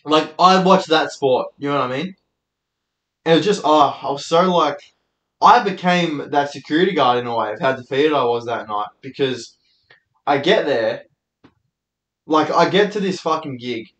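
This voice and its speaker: Australian man, young, higher voice, sweary rambling monologue, echoey room. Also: expressive, normal speed, a bit bright. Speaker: podcast host and comedian. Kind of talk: solo storytelling monologue.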